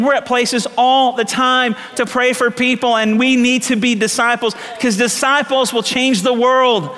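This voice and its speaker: A pastor preaching a sermon, telling stories and repeating lines for emphasis. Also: male voice, very high voice, pushed and bright, a little hiss or hum. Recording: long hall reverb.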